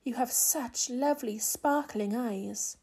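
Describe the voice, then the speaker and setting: A woman doing a sweet, gentle fish. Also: on the high side, takes it slowly, breathy edge, full character voice. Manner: gentle, complimenting. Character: sweet, generous female fish.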